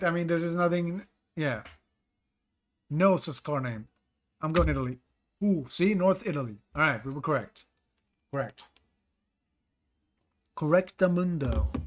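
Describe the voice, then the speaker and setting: Brief: male streamer, slightly higher voice, casual running commentary, stops to greet chat by name. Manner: thinks aloud, greets chat mid-sentence.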